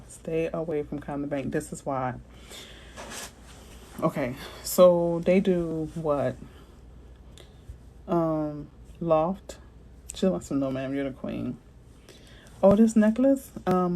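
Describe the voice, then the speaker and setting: Animated woman realtor chatting with viewers. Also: low voice, poor audio. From Florida. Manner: animated, slangy, reads out viewer comments. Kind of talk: casual livestream chat with viewers.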